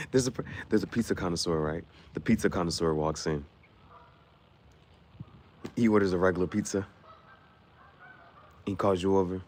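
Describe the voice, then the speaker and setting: A man casually chatting with his live-stream viewers, playful and quick to laugh as he riffs on the spot. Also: low-pitched, darkish tone, a little hiss or hum.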